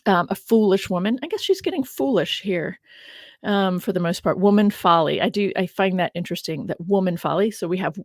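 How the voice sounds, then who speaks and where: A woman's voice: medium pitch, animated, a little fast, no room sound. A woman biblical scholar hosting a casual teaching livestream, musing aloud, laughing often and stressing key words.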